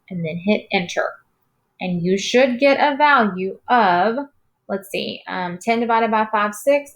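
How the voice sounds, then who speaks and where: Tired-voiced woman teacher, gravelly. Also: medium pitch. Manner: patient, reassuring, talks straight to students. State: tired voice, clearing throat. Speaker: math teacher. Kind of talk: recorded classroom lesson.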